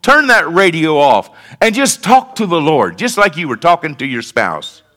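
A man's voice: a little high, big pitch swings, normal speed, fairly bright tone. A man preaching a sermon as pastor, in a conversational style that rises to emphatic declarations, speaking in a church.

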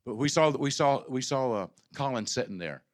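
A man preaching a sermon as pastor of his church, moving from low conversational talk to loud, impassioned climaxes with stammered restarts. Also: animated, normal speed. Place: church sanctuary.

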